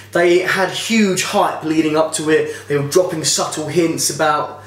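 A man's voice: fairly high pitch, unhurried, recorded from a distance. A man giving a casual, opinionated motorsport video commentary, talking in a rambling way with frequent restarts. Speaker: motorsport vlogger. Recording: echoey room.

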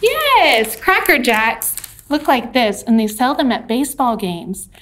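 A woman's voice: fairly high pitch, sing-song, a little slow, fairly bright tone. A woman teacher leading a cheerful, patient lesson for young children, coaxing them along.

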